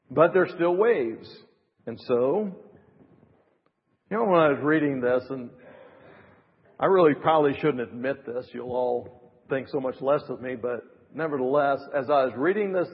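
A middle-aged man preaching a sermon as pastor, building to emphatic rising phrases and dropping to soft asides. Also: high voice. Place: church. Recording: reverberant, dull church recording.

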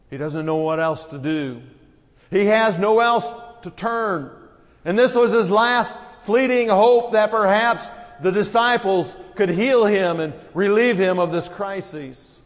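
A man's voice: high-pitched, unhurried, long reverb tail. A man preaching a sermon as pastor, earnest and rising to emphatic peaks.

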